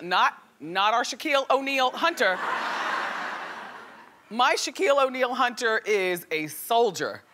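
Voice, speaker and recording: A woman's voice: fairly high pitch, unhurried, pauses often, slight background noise. Chatty gossiping woman hosting a talk show. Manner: chatty gossipy, animated exclamations. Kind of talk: live talk show monologue. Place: TV studio with live audience. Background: studio audience.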